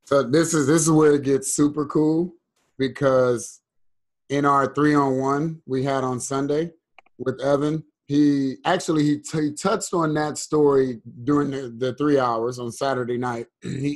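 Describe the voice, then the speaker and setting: A man's voice: mid-range voice, steady tone, a little slow, a little mellow. A man as a guest on a casual podcast, speaking in a reflective, earnest way.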